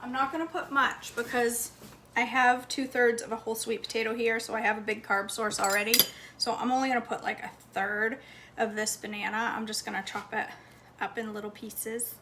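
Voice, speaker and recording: A woman's voice: on the high side, little pitch movement, fairly quick, sharp tone, slight background noise. A woman vlogging casually from her home kitchen, chatting to viewers and her dog as she cooks. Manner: chatty, talks to her dog between steps. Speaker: cooking vlogger.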